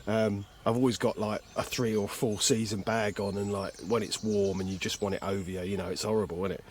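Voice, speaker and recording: A man's voice: on the low side, flat delivery, brisk, a little hiss or hum. A man chatting casually and joking about himself while carp fishing outdoors, filming on a handheld camcorder. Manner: chatty, jokey, self-mocking. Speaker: carp angler vlogger. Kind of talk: casual outdoor vlog chat. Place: outdoors by a lake.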